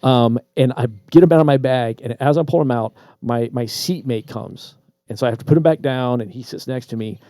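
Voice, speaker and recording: A man co-hosting a podcast, casually telling a personal story with lively asides and repeated words. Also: mid-range voice, fairly quick, dry recording, studio quality. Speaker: podcast co-host. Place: Traverse City, Michigan.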